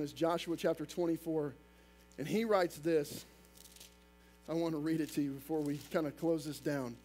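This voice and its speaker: A male pastor preaching a sermon, talking fast and emphatic, with casual asides to the congregation. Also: a little high, darkish tone.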